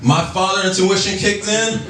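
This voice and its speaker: A man's voice: sits high, steady tone, normal speed, a bit bright, slight background noise. A man doing a stand-up comedy set, telling stories loosely and profanely and working the crowd. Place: comedy club stage. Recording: echoey club recording from a distance.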